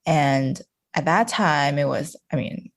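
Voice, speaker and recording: A woman's voice: deep voice, slow. A woman from China chatting as a podcast guest, talking casually with lots of fillers and frequent laughter.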